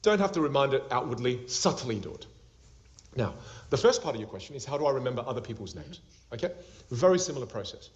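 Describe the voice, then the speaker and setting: A man teaching an interactive online class as a public speaking coach. He talks in an animated way, laughs a lot and acts out little scenes as he explains. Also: mid-range voice, fast. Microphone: video call. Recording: dull lo-fi video call audio.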